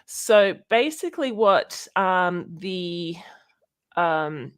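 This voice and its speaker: A woman's voice: lowish voice, expressive, clear, resonant tone. Rambling Australian woman streamer. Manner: rambling, halting with many fillers. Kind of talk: casual livestream chat about science.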